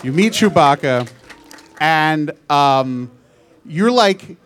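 American host with a higher voice, joking. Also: male voice, lively intonation, extremely slow, fairly bright tone, slight background noise. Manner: joking, enthusiastic, fumbles starts. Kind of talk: on-stage interview.

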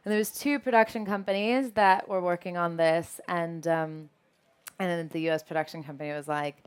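A young woman, an actress, telling animated stories in an interview and laughing often. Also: fairly low pitch, moderate pace, clean tone. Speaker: actress and guest. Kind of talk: anecdotal interview chat.

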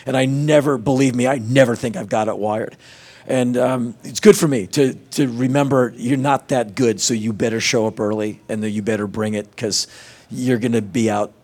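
A man speaking on a film panel, telling stories in an animated, casual way. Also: mid-range voice, normal speed. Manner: animated, acts out quotes. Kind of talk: casual storytelling.

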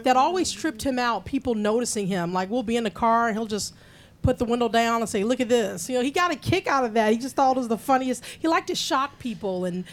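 A woman's voice: fairly high pitch, lively intonation, quick pace. A woman as an interview guest, speaking reflectively and conversationally with many "you know"s. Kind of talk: casual interview chat.

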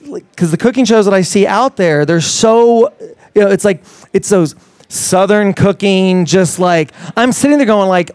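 A man talks in a live interview with a smooth, resonant voice pitched slightly high. He rambles with enthusiasm, restarting his sentences often. The sound is dry and close. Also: normal speed, darkish tone, dry recording. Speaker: fitness trainer guest. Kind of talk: casual interview talk.

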